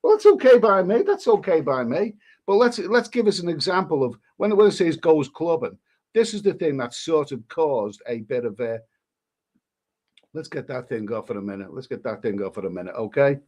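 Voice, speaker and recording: A man's voice: mid-range voice, animated, moderate pace, a little mellow. A man, hosting a live stream and rambling through crude commentary with many restarts. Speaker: livestream host.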